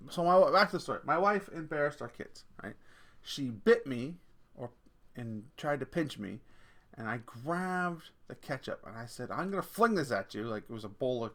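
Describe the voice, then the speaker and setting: Bright-voiced chatty man laughing a lot. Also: medium pitch. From Canada. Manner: chatty, laughs often, swears casually. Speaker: podcast host. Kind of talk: casual storytelling rant.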